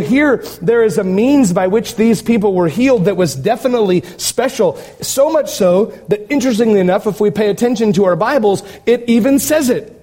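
A man's voice: sits high, warm tone. A male pastor preaching a sermon, emphatic and fired up, with sarcastic asides.

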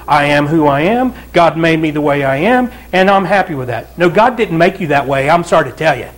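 A man's voice: high voice, a bit bright. A pastor preaching a conversational sermon to his church, with asides and repeated calls of "Amen?" to the congregation. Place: church sanctuary.

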